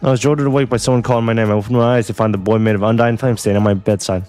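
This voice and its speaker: Male game reader, rapid plain narration, low register. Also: steady tone, darkish tone, faint music behind. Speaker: visual novel reader. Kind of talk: reading a game story aloud.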